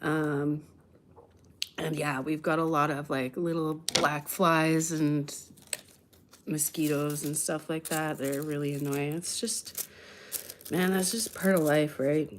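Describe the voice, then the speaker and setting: A young woman from Canada's west coast talks on a live stream in a loose, rambling way. Her voice sits a little low, and she restarts sentences often. At times her voice sinks almost to a whisper. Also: takes it slowly, slight background noise. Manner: rambling, relaxed, answers chat, many restarts. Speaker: livestreamer. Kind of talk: casual live-stream chat.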